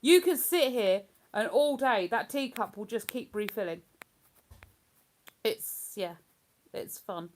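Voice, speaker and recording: A woman's voice: medium pitch, lively intonation, slow pace, pauses often, slight background noise. A woman hosting a livestream in casual, rambling chat. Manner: rambling, chatty, breaks into hummed tunes. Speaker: livestream host.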